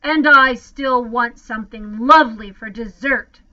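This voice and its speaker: Woman doing a bossy monster mom from a storybook, loud, bright tone, unhurried, slightly muffled. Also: on the high side, no echo. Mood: commanding. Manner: loud, bossy, snapping orders. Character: monster mother, fierce, commanding, loving. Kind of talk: children's storybook read-aloud.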